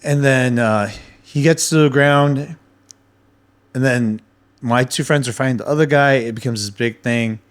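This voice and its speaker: A man telling stories in a casual podcast chat, animated and swearing freely as he acts out what people said. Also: mid-range voice, measured pace. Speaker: podcast guest.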